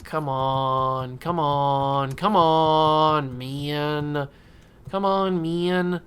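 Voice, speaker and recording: A man's voice: on the high side, steady tone, very slow, a bit bright, clear, resonant tone. Man chatting over a baseball game. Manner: talks to himself and the game, coaxing and joking. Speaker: gaming YouTuber. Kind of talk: casual let's-play commentary.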